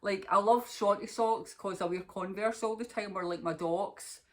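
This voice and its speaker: A woman's voice: mid-range voice, fairly even intonation, moderate pace. Scottish lady chatting away on her knitting podcast, rambly, laughs a lot. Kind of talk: casual chat to camera.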